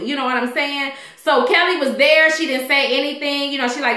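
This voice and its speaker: A chatty woman recaps a TV episode in a casual, animated way and acts out the characters as she goes. She is a little tipsy, and her voice sits high and sounds bright and sharp. The room around her is noticeably echoey. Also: fairly quick, hardly any pauses. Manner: chatty, animated, loud quoting of characters, frequent laughs. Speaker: TV recap host.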